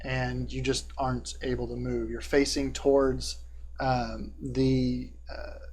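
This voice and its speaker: A man running a tabletop game as game master, describing scenes with a measured, descriptive delivery. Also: medium pitch, level tone, a little mellow. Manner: descriptive, measured narration with fillers.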